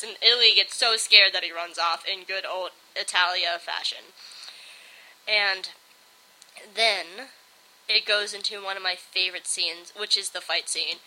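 A woman's voice: mid-range voice, normal speed, sharp tone, poor audio. A young woman giving a casual, bubbly review, rambling and filling her talk with "like". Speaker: video reviewer.

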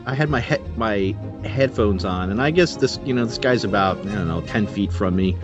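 A man on a podcast, casually telling an animated story and acting out the voices in it. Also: on the low side, moderate pace, highs cut off. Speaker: podcast co-host. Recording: music bed underneath.

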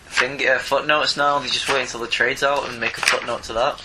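A man's voice: medium pitch, little pitch movement, fairly quick, noisy background. A man co-hosting a podcast, laid-back and laughing easily, summarizing comic plots. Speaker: podcast co-host. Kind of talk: casual chat and plot summary.

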